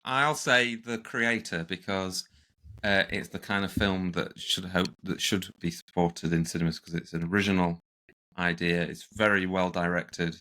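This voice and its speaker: A man's voice: sits low, steady tone, moderate pace, sharp tone. A man co-hosting a podcast, chatting enthusiastically and slipping into goofy impressions. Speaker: podcast co-host. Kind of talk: casual chat.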